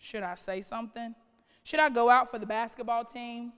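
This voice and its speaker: Keynote speaker: woman, late 30s, fairly high voice, dramatic rhetorical delivery, reverberant hall. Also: fairly even intonation, normal speed, smooth. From North Carolina. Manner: dramatic, strings of rhetorical questions, shifting pace. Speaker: keynote speaker, school principal. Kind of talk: keynote speech. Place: large conference hall.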